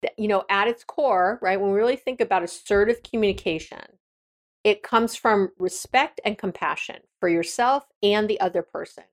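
A woman's voice: mid-range voice, moderate pace. A woman hosting an advice podcast, talking frankly and directly in a casual monologue with frequent restarts. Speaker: podcast host.

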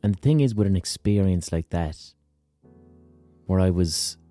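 A man talks alone into a podcast mic in a low, mellow voice. He swears freely, rants, and pokes fun at himself. A faint instrument plays softly behind him. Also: lively intonation, a little slow, no echo, soft background music. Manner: profane, rants, self-mocking. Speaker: podcast host. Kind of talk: casual monologue.

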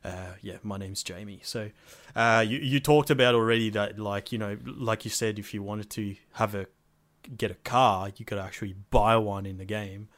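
A man's voice: fairly low pitch, normal speed. A man, talking casually on a podcast about starting a game together. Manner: relaxed, loose, trailing restarts. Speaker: podcast co-host. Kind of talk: casual chat.

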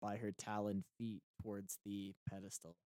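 A man's voice: lowish voice, flat delivery, normal speed, crowd noise. A man playing a tabletop game, describing his character's actions in a matter-of-fact way. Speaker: player. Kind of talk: casual play chat.

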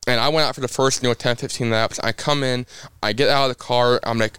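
A man's voice: medium pitch, fairly quick, clear, resonant tone, no echo. A young man from Indiana, a race car driver, telling stories in a casual podcast interview and acting out the quotes. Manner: lively storyteller who acts out quotes.

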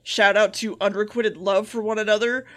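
A woman's voice: medium pitch, steady tone, normal speed, fairly bright tone. A woman co-hosting a podcast, recapping an anime in a sarcastic, casual way and swearing freely. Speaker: podcast co-host.

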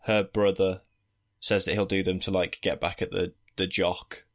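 A man's voice: deep voice, level tone, normal speed, creaky, a bit bright. A man co-hosting a podcast, recapping a film in a rambling, joking way with lots of fillers. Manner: rambling, with frequent fillers and jokey asides. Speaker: podcast co-host. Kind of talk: casual film-review chat.

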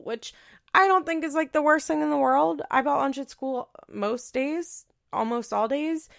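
A woman's voice: high-pitched, a little slow, gravelly, fairly bright tone. A woman giving casual commentary as a podcaster, blunt and profane, with frequent "like" fillers. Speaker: reality TV recap podcaster.

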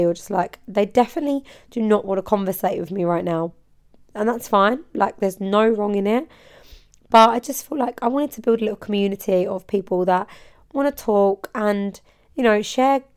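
Woman, podcast host, casual solo chat, bubbly, rambling, middle pitch. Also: a little mellow, smooth. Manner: bubbly, chatty, rambling with frequent laughs.

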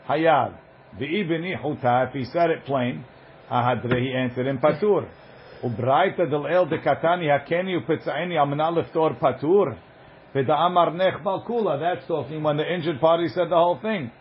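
Man teaching ancient texts, slightly high voice. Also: normal speed, muffled recording, a little hiss or hum. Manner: chants text, then explains it conversationally. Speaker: Talmud teacher. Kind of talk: informal study lecture.

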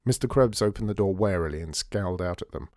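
A man narrating an audiobook with expressive storytelling. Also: low-pitched, quick pace, no echo, studio quality.

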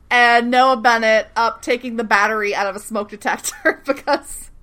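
A woman's voice: fairly high pitch, fairly even intonation, measured pace, fairly bright tone. A young woman co-hosting a casual recap podcast, laughing often and acting out characters' lines as she retells scenes. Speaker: podcast co-host recapping a TV series. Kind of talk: casual chat.

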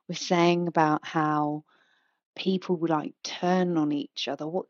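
Chatty woman, low-pitched and dry. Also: darkish tone, no echo. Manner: chatty and rambling, frank, with fillers and asides. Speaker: podcast host. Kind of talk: casual solo podcast chat. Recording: dry, slightly dull home mic.

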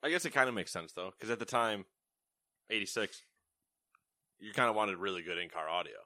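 Low, bright-voiced man on a podcast. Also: brisk, no echo, clean studio sound. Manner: joking, laughs often. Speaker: co-host reading gaming news. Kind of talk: casual podcast chat.

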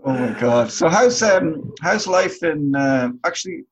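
A man hosting a podcast, chatting casually over a video call and joking with a deadpan, teasing manner. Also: fairly high pitch, measured pace, slightly rough. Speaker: podcast host. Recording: dull lo-fi call audio.

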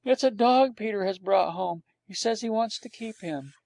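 A man's voice: high voice, normal speed, a little mellow, no echo, pitched above the performer's own voice. Man doing a fretful, disapproving rich mother. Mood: anxious. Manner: fussy, anxious.

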